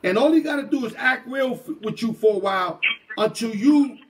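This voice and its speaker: Very high-voiced blunt sports host, a man. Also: lively intonation, brisk. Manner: blunt and emphatic, street slang, calls people dog. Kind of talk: casual chat.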